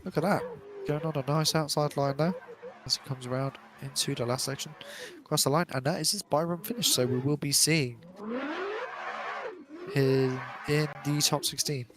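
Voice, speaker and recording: A man doing live esports commentary, chatty and jokey, quick to laugh as he calls the action. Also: on the high side, background noise.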